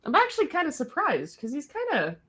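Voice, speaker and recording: A woman hosts a casual watch party, trading jokes and quick remarks over the stream. Her pitch runs fairly high and swings widely from one line to the next. Her tone stays loose and conversational. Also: huge pitch swings, a bit bright. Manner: chatty, joking, laughs often.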